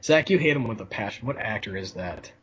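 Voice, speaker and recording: A man's voice: fairly low pitch, expressive, fairly quick, a little hiss or hum. A man chatting casually on a podcast, joking and mocking with a playful manner. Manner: joking, mocking, does whiny impressions. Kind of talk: casual chat. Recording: dull lo-fi sound.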